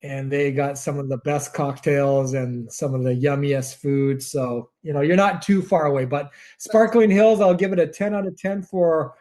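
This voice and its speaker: A man co-hosting a casual podcast as a mortgage broker, talking in a rambling, relaxed way. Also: on the high side, normal speed, hardly any pauses. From Canada. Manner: rambling, many fillers and restarts, relaxed.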